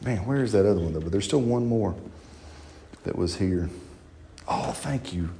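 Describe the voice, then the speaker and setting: Folksy pastor preaching. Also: male voice, low-pitched, moderate pace, gravelly, a little hiss or hum. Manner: folksy, animated preaching with rhetorical questions. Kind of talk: sermon. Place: church.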